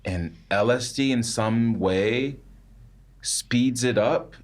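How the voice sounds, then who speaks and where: A young adult man, a podcast guest, telling a story in a casual, halting way, full of repeats and "like". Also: mid-range voice.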